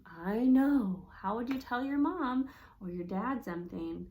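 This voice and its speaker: A woman speech-language pathologist guides parents through a picture book in an animated, encouraging way. Her voice sits a little high, and she keeps asking questions. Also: measured pace.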